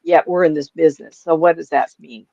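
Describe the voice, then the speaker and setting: A woman's voice: deep voice, fairly quick, darkish tone, highs cut off. Rambling woman in her seventies on a call. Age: 70s. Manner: rambling storyteller, chuckles often. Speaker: psychic medium guest. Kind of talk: casual chat on a video call. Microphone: webcam on a video call.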